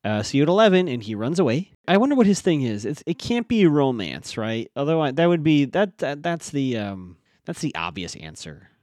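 A man casually recapping a TV episode as a podcast host, acting out the characters' lines in quick voices. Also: fairly high pitch, big pitch swings, darkish tone, no echo, studio quality.

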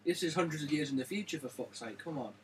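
A man's voice: a little high, fast, recorded from a distance, slight background noise, poor audio. A man co-hosting a casual film chat, blunt and sweary with chuckling asides. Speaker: podcast co-host. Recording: voice a little away from the mic.

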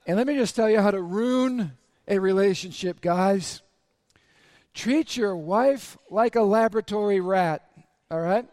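A male pastor delivering a lively sermon to a congregation, asking the crowd questions, his throat a little raspy. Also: high-pitched, measured pace, no room sound.

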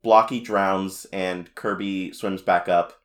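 A woman's voice: extremely low pitch, steady tone, slow. A woman co-hosting a podcast, recapping a cartoon episode in casual chat with many restarts and laughs. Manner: rambling, restarts, laughs often. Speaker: podcast co-host.

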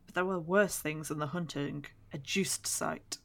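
A woman's voice: sits low, unhurried, vocal fry, voice pushed down, full character voice. A woman reading the part of a fat, jovial older lord who gossips with exclamations, in an audiobook. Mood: gossipy. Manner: chatty, gossipy storytelling with exclamations.

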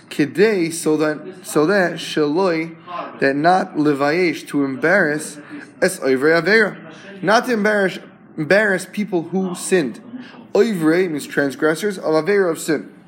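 A man teaching a Talmud class. He translates each term phrase by phrase and often checks in with his students. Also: a little high.

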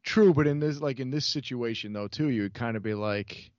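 A man's voice: medium pitch, normal speed, darkish tone, no room sound, highs cut off. Laid-back male podcast guest, dry sound. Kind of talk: casual movie discussion.

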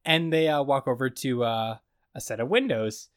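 A man's voice: medium pitch, moderate pace, dry recording, clean studio sound. Casual man retelling a comedy episode. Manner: rambling storyteller, acting out scenes. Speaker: podcast co-host.

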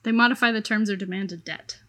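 A woman player in a tabletop game who speaks in character in a formal, measured, gentle way. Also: medium pitch. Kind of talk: in-character tabletop role-play.

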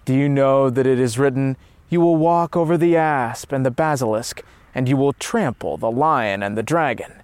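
A man voicing a solemn heavenly guide who explains visions in a measured way. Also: mid-range voice, darkish tone, clean tone, dry recording, natural voice.

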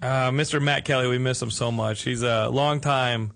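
A man's voice: medium pitch, steady tone, moderate pace, creaky, a bit bright. A man hosting a casual podcast chat, rambling with stammering restarts and frequent chuckles. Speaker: podcast host.

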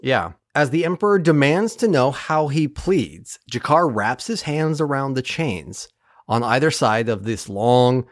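A podcast host casually recapping a TV episode with heavy swearing and animated retelling. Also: mid-range voice, unhurried, no room sound, studio quality. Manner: profane, animated retelling of plot. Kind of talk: casual chat.

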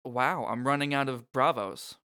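A man chatting casually on a podcast, joking his way through a game's story. His voice sits in an everyday middle pitch. He laughs easily and keeps a loose, relaxed flow. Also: normal speed, smooth. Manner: joking, laughs often, reads lines aloud. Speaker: podcast co-host recapping a video game. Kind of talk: casual chat.

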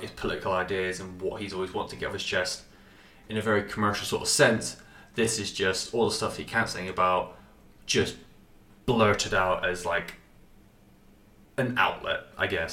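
A man's voice: fairly low pitch, sharp tone, recorded from a distance. Sweary stuffy-nosed man in an echoey room. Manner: rambling and sweary, lots of filler words. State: stuffy with a runny nose. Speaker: music reviewer. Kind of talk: casual album review. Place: cold apartment.

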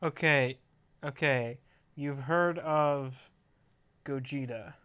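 Brief: dry, joking podcast co-host, smooth bright voice, unhurried. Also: medium pitch. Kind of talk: casual podcast chat.

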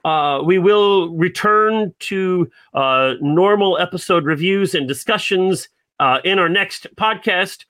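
A man's voice: high voice, takes it slowly, few pauses, fairly bright tone, no room sound. A man hosting a podcast, talking earnestly and hesitantly in a casual chat. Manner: hesitant, many fillers, earnest. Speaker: podcast host.

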